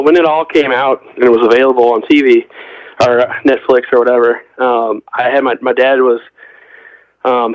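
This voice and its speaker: A man's voice: mid-range voice, no echo. A middle-aged man chats as a podcast guest, winding through long anecdotes and acting out what others said. His voice is dry and close. The audio is dull and lo-fi. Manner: rambling storyteller, quotes others in conversation. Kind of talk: casual chat.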